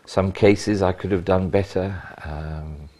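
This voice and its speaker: An older man, a retired police officer, telling animated stories in an interview with bursts of emphasis. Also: deep voice, slow. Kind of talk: anecdotal interview.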